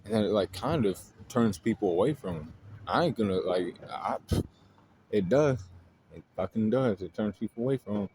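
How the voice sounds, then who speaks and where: A man with a fairly low voice delivers a casual, exasperated rant, full of blunt profanity. He sounds fed up as he talks it through. The recording carries a steady hiss of background noise. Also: normal speed. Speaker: astrology video host. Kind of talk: casual ranting monologue. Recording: noisy home recording.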